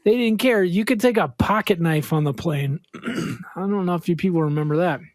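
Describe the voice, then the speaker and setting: A man's voice: sits high, moderate pace, no room sound, studio quality. A middle-aged man co-hosting a podcast, telling rambling joking anecdotes in casual chat over a remote call. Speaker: podcast co-host and touring musician. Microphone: remote recording over an online call.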